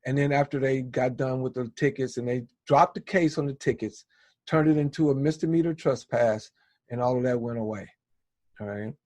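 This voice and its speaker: A man's voice: mid-range voice, a little mellow, no echo. Man telling a story in a dry, close voice. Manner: rambling, conversational, tags lines with "right?". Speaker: podcaster. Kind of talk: casual personal storytelling.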